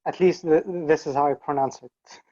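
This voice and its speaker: A man's voice: fairly high pitch, steady tone, moderate pace, mellow, no room sound, highs cut off. A man answering his teacher briefly in an online class. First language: Egyptian Arabic. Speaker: student. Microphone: video call.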